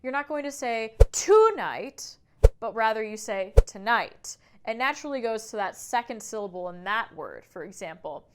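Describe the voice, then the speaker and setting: A woman's voice: a little high, fairly quick, hardly any pauses, very noisy. A woman singing teacher explaining phonetics in a video lesson, demonstrating sounds aloud in an upbeat way.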